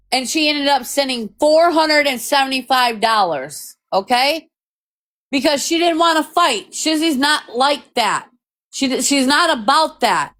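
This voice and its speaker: Woman, high-pitched and deliberate, heated profane callout rant straight into a phone. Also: a bit bright. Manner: profane, heated, repeats her points. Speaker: TikTok creator. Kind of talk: confrontational rant to viewers.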